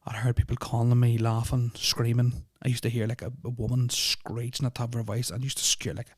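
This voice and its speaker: Fast-talking man, rambling. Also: medium pitch, little pitch movement, slightly rough, dry recording, studio quality. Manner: rambling, full of "like" fillers, restarts and swearing; nervous, uneasy retelling. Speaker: podcast host. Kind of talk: casual storytelling of personal experiences.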